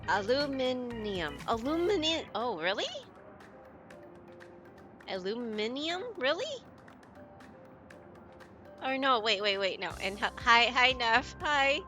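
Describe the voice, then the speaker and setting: Bright, giggly woman streamer. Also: a little high, animated, slow, long pauses, soft background music. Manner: giggly, rambling, self-mocking. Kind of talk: casual gaming stream chat.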